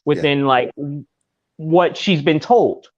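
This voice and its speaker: A man hosting a podcast who talks in a relaxed, casual way and swears now and then. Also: fairly high pitch, slow pace, dull audio. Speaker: podcast host. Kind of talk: casual chat.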